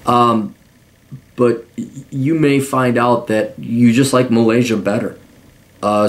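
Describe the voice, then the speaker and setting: A man hosting a podcast, giving blunt, profanity-laced advice in a rambling monologue full of restarts. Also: medium pitch.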